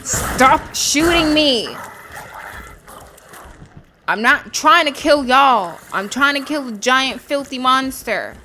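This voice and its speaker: A woman's voice: high voice, lively intonation, unhurried, few pauses, bright, forceful tone, slight background noise. A woman playing a video game and commenting, exasperated and talking back to the characters on screen. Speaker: gaming streamer. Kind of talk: let's-play commentary.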